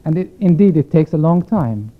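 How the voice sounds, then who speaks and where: A concert violinist with a somewhat high, animated voice speaks to the audience at a moderate pace before a piece, explaining things reflectively and putting questions to them. It's a spoken concert introduction, and the recording sounds thin and phone-like, with slight background noise.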